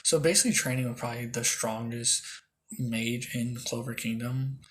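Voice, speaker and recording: Young guy, casual rambling fan-fiction teller, slangy, mid-pitched voice, faint background hiss. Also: fairly even intonation, moderate pace. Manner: rambling, slangy, lots of fillers and restarts. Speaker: storyteller.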